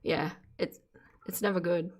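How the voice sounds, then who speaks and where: Speaking a little slowly in a lowish voice with fairly even intonation, a woman comments casually during a phone live stream. As she reads her chat aloud, she responds earnestly with sympathetic exclamations.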